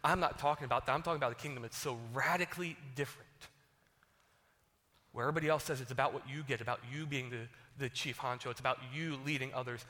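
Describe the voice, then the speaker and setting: Jesus as a patient teacher scolding his guys softly, low hushed voice, a preacher doing him, big echoey hall. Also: fast, natural voice. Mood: patiently chiding. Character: patient, gently chiding male teacher. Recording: long hall reverb.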